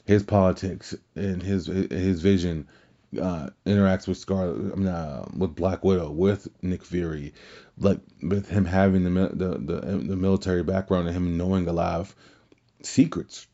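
A man with a deep, dark voice hosts a solo podcast, rambling casually through his thoughts. He restarts his sentences often and leans on filler words. The recording sounds dull and lo-fi. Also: fairly even intonation, normal speed. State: tired, fighting yawns. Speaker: podcast host.

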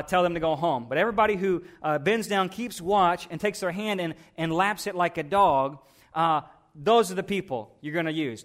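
A man preaching, voicing God as a calm, commanding male deity who gives instructions in a matter-of-fact way. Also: on the high side, natural voice.

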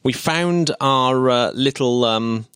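A man's voice: mid-range voice, slow pace, fairly bright tone, clean tone, dry recording, clean studio sound. A man co-hosting a casual podcast, chatty and eager, often laughing as he explains things. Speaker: podcast co-host.

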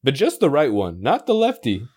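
Man for a loose comedy podcast, animated delivery, quick to laugh. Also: medium pitch, breathy edge. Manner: laughs often between lines. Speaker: podcast co-host. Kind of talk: casual comedic chat.

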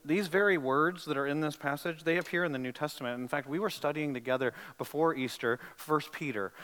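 A pastor preaching a sermon, swinging from loud emphatic passages to hushed storytelling and asking his listeners direct questions. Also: on the high side, poor audio. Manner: asks the congregation direct questions.

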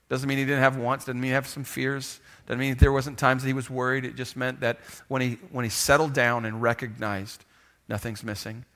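A man with a bright, forceful voice preaches a sermon in a loose, chatty way. He stumbles and restarts, and keeps inviting the congregation to say lines back to him. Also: medium pitch, fairly even intonation, moderate pace. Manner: conversational with restarts, asks the congregation to repeat lines. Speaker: pastor. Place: church sanctuary with live congregation.

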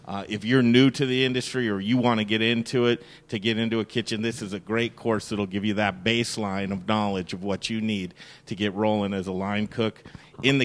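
A man's voice: fairly low pitch, fairly bright tone. A man hosting a cooking show, chatting in an easygoing, casual way. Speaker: show host.

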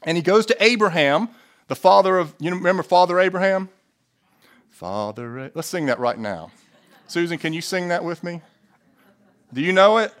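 A man preaching a sermon, stressing key phrases slowly and putting questions to the congregation, with jokey asides. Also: high voice, fairly bright tone. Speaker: pastor.

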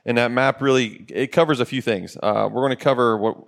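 A man's voice: mid-range voice, fairly even intonation, brisk, gravelly. A man in his forties talks in a casual, earnest podcast voice from a studio. He speaks like a coach giving a pep talk, with plenty of fillers between his points. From Ohio, USA. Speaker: podcast co-host.

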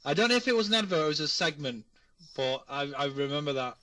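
A man co-hosting a casual podcast, speaking haltingly with many restarts. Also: a little high, animated, sharp tone. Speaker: podcast co-host. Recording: distant mic in a dry room.

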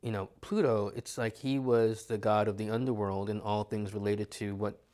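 A man's voice: on the low side, fairly even intonation, moderate pace, a little mellow. Reflective American man musing aloud. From United States. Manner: reflective, asks many rhetorical questions. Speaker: astrologer. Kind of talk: casual conversation.

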